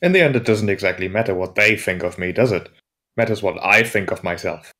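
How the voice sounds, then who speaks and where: Low-voiced man with wry in-character retorts. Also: animated, brisk, bright, forceful tone. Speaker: player. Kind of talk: in-character tabletop role-play.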